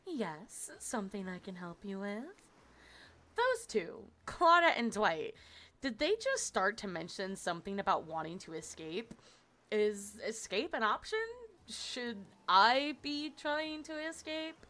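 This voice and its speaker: A woman voicing a smooth, evasive male resort narrator in a game, dropping her voice lower and quieter, with dry asides. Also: very animated, a little slow. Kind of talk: reading game narration aloud.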